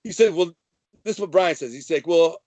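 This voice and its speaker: A man's voice: a little high, animated, fairly quick, a little mellow, no echo. Brash man with a dry close sound. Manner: brash, swaggering, slangy. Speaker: guest telling prison-life stories. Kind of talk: casual storytelling.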